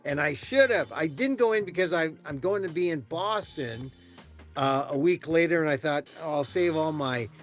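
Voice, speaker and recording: A middle-aged man hosting a casual satirical chat, joking in a deadpan way with quick restarts. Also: a little high, faint music behind. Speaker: podcast host.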